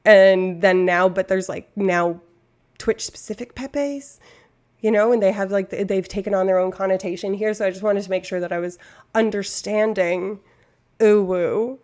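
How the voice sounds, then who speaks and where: A woman's voice: medium pitch, steady tone, normal speed, warm tone. A young woman from Canada chatting casually on a live stream, rambling and interrupting herself.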